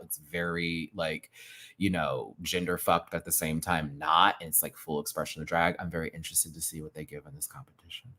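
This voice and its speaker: A man reviewing a reality show in an excited, casual rant, full of slang and profanity, jumping between loud outbursts and low asides. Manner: playful drag slang, profanity.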